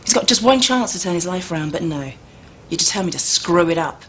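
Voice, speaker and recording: A sharp-tongued, indignant young woman in a TV drama, scolding with a biting edge. Clear background noise sits behind her voice. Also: lowish voice, animated, brisk. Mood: angry. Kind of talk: TV drama acting.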